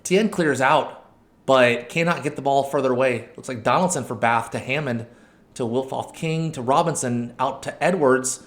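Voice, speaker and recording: Guy doing let's-play match commentary, gets loud and worked up, yells at his team, mid pitch. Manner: excitable, shouts at his players, quick asides and self-corrections. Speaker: video game channel host.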